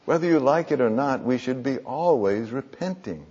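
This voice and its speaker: A man's voice: medium pitch, lively intonation, moderate pace, darkish tone, slightly rough. A man preaching an earnest sermon in a church, asking the room rhetorical questions. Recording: muffled echoing church hall.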